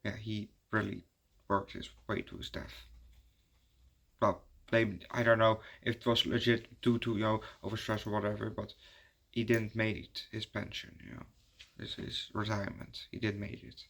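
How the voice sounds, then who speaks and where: A man's voice: fairly low pitch, flat delivery, moderate pace, creaky, a bit bright. Rambling man reviewing a movie. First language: Dutch. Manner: rambling and hesitant, many fillers and restarts. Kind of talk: casual spoken movie review.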